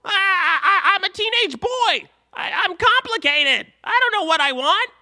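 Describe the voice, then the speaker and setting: Teenage boy voice, very high, whiny, moody, cries out. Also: lively intonation, measured pace, bright, forceful tone, heavily acted. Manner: high strained whining with cries.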